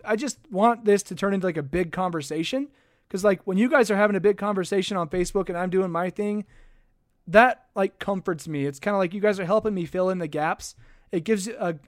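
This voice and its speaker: High-voiced chatty sports podcast host. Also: male voice, no room sound, clean studio sound. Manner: rambling, chatty, thanks viewers. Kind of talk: casual sports podcast livestream. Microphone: desk microphone.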